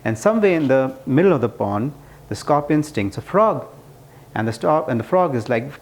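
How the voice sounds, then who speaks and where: A man's voice: mid-range voice, lively intonation, normal speed. A man telling a parable to make a point about management, earnest and prone to restarts. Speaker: speaker explaining management ideas. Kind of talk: casual explanatory talk.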